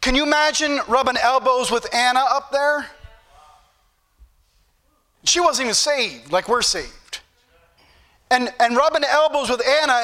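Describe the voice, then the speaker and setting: A man's voice: very high-pitched, pushed and bright. A male preacher, exhorting a congregation in a sermon and repeating scripture references with emphatic bursts.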